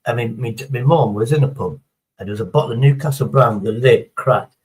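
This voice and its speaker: A man in a live stream, talking in a loose, rambling way and swearing freely. His voice sits at an ordinary middle pitch as he drifts from story to chat and back. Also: fairly quick, a little mellow, low-quality recording.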